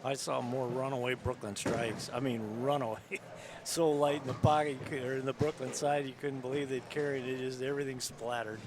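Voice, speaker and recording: A man giving live bowling commentary, agreeable and quick to chime in. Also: mid-range voice, little pitch movement. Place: bowling center. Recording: noisy background.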